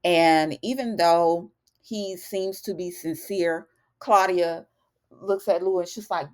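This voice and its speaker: A woman's voice: on the low side, steady tone, takes it slowly. A woman chatting casually through a TV episode recap, calling her viewers y'all. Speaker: TV recap vlogger.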